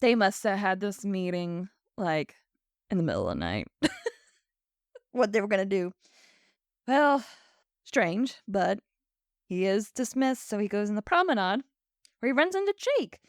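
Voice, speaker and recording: A woman's voice: mid-range voice, very animated, measured pace, long pauses, no echo, studio quality. A woman co-hosting a podcast, recapping an episode in casual chat, laughing often and acting out the characters' lines. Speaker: podcast co-host.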